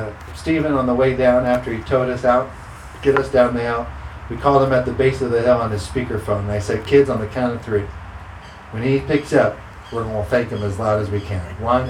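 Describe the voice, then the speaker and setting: A man's voice: mid-range voice, moderate pace, background noise. A man preaching a sermon as pastor, emphatic and repeating scripture declarations. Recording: roomy sound with faint ambience.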